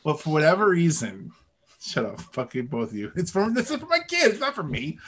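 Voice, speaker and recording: Podcast co-host, man, animated, swears freely, high voice with a lively swing. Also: fairly quick, a little hiss or hum. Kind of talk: casual chat.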